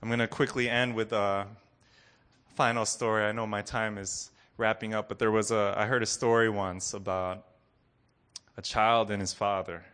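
A man preaching a sermon to a congregation, earnest, dropping to soft low lines and rising to loud ones. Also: level tone, normal speed. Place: room with a congregation.

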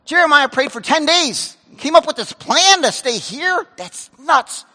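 High, bright-voiced animated male pastor. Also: a little slow, long reverb tail. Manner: animated, acts out dialogue, swings from loud to hushed. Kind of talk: sermon. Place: church sanctuary.

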